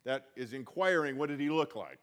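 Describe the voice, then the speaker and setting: A man's voice: mid-range voice, lively intonation, brisk, fairly bright tone. A man giving a conversational Bible teaching, reading scripture aloud and then explaining it with chatty emphasis.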